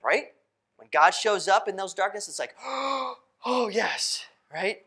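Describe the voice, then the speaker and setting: A pastor preaching a sermon in a church, talking casually, asking the congregation questions and laughing often. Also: male voice, high-pitched, moderate pace, pushed and bright. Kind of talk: interactive sermon. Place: church sanctuary.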